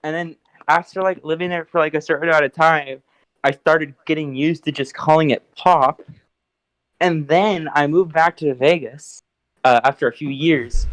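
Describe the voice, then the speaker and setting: A man's voice: fairly high pitch, fairly even intonation, normal speed, no room sound, rough recording. American man, teasing and swearing. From United States. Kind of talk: casual chat.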